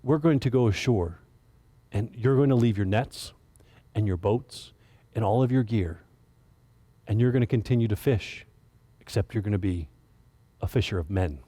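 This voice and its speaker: Man voicing Jesus, calm, patient, quiet, gently commanding, sermon storytelling. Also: lowish voice, moderate pace, long pauses, no echo, pitched below the performer's own voice, close to an everyday voice.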